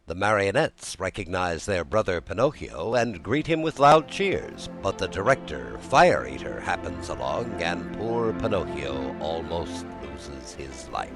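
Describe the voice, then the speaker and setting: A man giving an expressive, dramatic audiobook narration of a children's story. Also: deep voice, a little slow, few pauses, over music.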